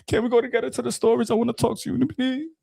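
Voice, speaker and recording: A man voicing a husband who begs his wife, in a rushed and whiny way. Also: extremely high pitch, little pitch movement, vocal fry, dark tone, no echo, clean studio sound, heavily acted. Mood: pleading.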